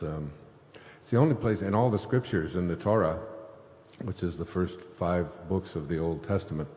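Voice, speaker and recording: A spiritual author with a rumbling low, darkish voice stands on stage before a live audience, telling a scripture story. He rambles, filling it with fillers and chuckles, and the recording has the echo of a hall plus faint noise.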